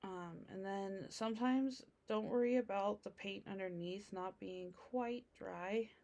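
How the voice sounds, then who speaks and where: A woman's voice: mid-range voice, measured pace, dark tone. A woman streaming a casual painting tutorial, chatting with her audience and thinking aloud as she works.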